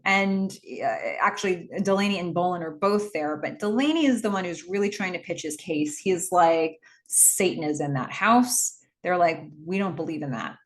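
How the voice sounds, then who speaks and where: Chatty woman recapping a film. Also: on the low side. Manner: rambling, wry, lots of fillers and restarts. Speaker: movie recap host. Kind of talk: casual movie recap.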